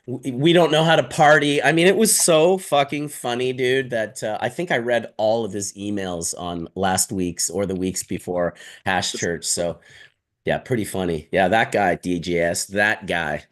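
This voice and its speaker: A man's voice: lowish voice, normal speed. A man hosting a casual show, joking and swearing freely as he chats with guests. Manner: animated, joking, swears a lot. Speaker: host. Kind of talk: casual chat.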